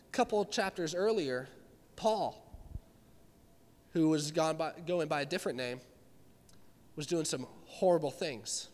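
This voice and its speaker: A man preaching a sermon, animated and climbing to shouts when he acts out scripture. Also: high voice. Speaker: pastor. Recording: long hall reverb.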